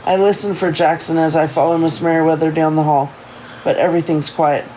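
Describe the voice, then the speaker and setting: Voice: mid-range voice, little pitch movement, fairly quick, darkish tone, slight background noise, rough recording. A streamer reading a first-person novel aloud on a livestream, often stumbling and correcting themselves.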